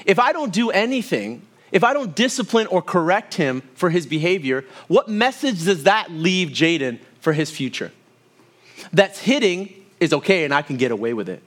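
A pastor in his thirties preaches a sermon to his church, telling family stories, making asides, and asking the congregation to respond. His voice is high and fairly bright, very animated, and delivered at a moderate pace.

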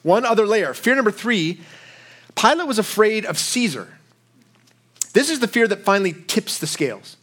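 A man's voice: sits high, very animated, moderate pace, long pauses, a bit bright. A young adult man giving a sermon in a conversational style, voicing quoted lines with a lifted voice. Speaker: pastor.

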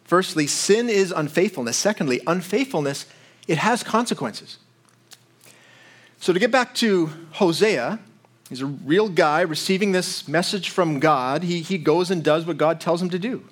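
A pastor with a notably high voice preaches a sermon. He teaches in a chatty way, breaking off to check in with his listeners. The delivery stays casual and explanatory. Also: animated, moderate pace. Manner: conversational teaching with frequent asides and acted quotes.

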